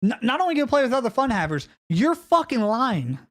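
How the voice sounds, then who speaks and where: A man on a live stream in full rant mode, cursing freely and repeating himself as he stumbles over his own words. His pitch swoops widely, jumping from shouted peaks down to low, muttered grumbles. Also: very animated, a little fast. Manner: profane, heated, swings between yelling and low grumbling. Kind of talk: ranting live-stream monologue.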